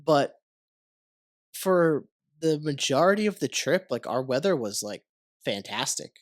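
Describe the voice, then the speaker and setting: A fairly high-pitched American man hosts his podcast a little slowly, congested from a cold. He rambles, relaxed, and swears casually. The recording is dry with clean studio sound.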